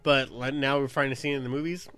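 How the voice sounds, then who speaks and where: A man's voice: medium pitch, steady tone, racing, a bit bright, soft background music. A man hosting a podcast, chatting in an easygoing casual way with a guest. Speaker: podcast host. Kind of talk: casual chat.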